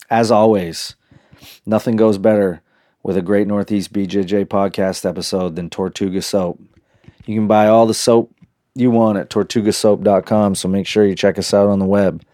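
A man hosting a casual podcast, a relaxed storyteller who acts out the quotes, recorded outdoors in a park. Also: on the low side, moderate pace. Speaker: podcast host.

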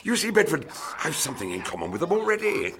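An actor playing an eccentric, excitable scientist explorer, who muses enthusiastically and talks to strange creatures in simple words. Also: male voice, on the high side, fast, gravelly, a crowd in the background, heavily acted.

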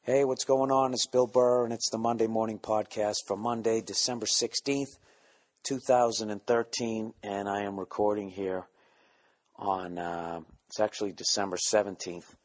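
Man, deep voice, profane rambling podcast host, self-mocking, hushed at times. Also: steady tone, moderate pace. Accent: Boston. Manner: keeping voice down, quiet and low at times. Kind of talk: rambling comedic monologue.

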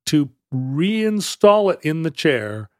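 A man co-hosting a podcast, telling a history story in a casual, halting way with frequent restarts. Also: fairly high pitch, big pitch swings, no room sound, clean studio sound. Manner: halting, many restarts and fillers, wry. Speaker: podcast co-host.

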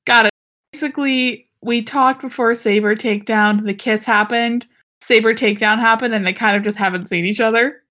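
A higher-voiced woman playing a tabletop game. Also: fairly even intonation, moderate pace, bright, forceful tone. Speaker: player. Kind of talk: tabletop role-play.

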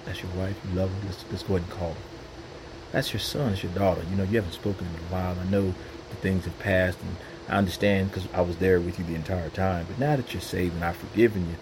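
A man voicing God as a gentle, patient fatherly presence, speaking softly and low into his own microphone. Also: steady tone, fast talker, noisy background. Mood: coaxing. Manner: soft, low and coaxing.

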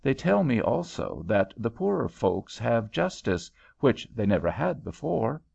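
A man doing a calm, gravelly American traveller. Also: medium pitch, unhurried, heavily acted. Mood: musing. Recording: dull lo-fi home recording.

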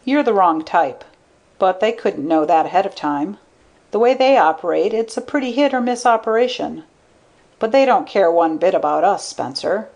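A woman voicing a shrewd, thoughtful man who speaks in a calm, measured way. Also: medium pitch, dull audio, natural voice.

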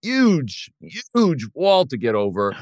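A man's voice: on the high side, huge pitch swings, slow pace, a little mellow, dry recording, studio quality. A man hosting an interview, reflecting at length on what the guest just told him. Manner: thoughtful, reflective asides. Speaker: podcast host. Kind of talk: interview talk.

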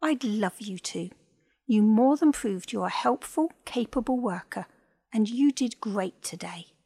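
A woman voicing Ava, a kind and cheerful young woman vet, in a storybook reading with a bright, encouraging manner. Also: on the high side, animated, measured pace, slightly rough, no echo, heavily acted.

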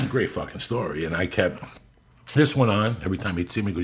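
A man's voice: low voice, lively intonation, fairly quick, pushed and bright. A man telling a long story in casual podcast chat, blunt and profane. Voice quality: gravelly, raspy. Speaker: podcast host.

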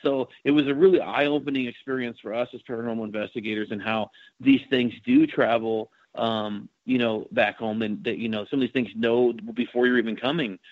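A man's voice: mid-range voice, fairly even intonation, brisk, dry recording. Guy rambling thru a spooky investigator story, lots of ums, dry kinda muffled sound. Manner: rambling, many fillers and restarts. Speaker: paranormal investigator. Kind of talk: casual storytelling interview. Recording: dry, slightly muffled recording.

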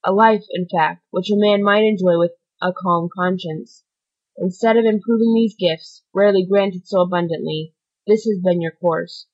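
A woman's voice: fairly low pitch, fairly even intonation, a little mellow, highs cut off, lightly acted. A woman voicing a stern solemn priest. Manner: grave, measured, admonishing.

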